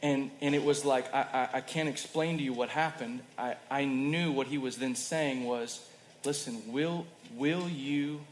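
A man preaching a sermon in a conversational way, moving between loud emphasis and soft, quiet passages. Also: mid-range voice, steady tone, normal speed, hardly any pauses, slight background noise. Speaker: pastor. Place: church hall. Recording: roomy hall with faint ambience.

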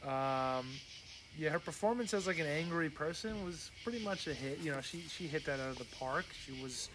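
A man's voice: on the high side, expressive, normal speed, noisy background. A man on a movie review podcast panel, talking in rambling casual phrases. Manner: rambling, lots of fillers and restarts.

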